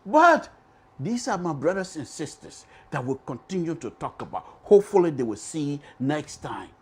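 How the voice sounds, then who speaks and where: Animated Liberian man hosting radio. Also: on the high side, normal speed, husky. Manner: repeats phrases for emphasis, addresses listeners as folks. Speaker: radio talk show host. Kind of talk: diaspora radio talk show.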